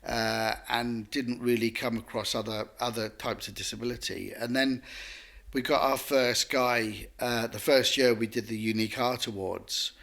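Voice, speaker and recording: A man, a guest telling stories in a lively, rambling way full of restarts. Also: medium pitch, moderate pace, creaky. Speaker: guest artist. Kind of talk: conversational storytelling.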